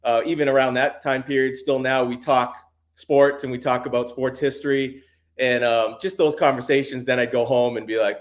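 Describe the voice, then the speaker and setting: Regular-pitched guy chatting easy, wanders, restarts a lot. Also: fairly quick. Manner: relaxed, rambling with many fillers and restarts. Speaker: guest, sports card YouTuber. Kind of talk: casual interview chat.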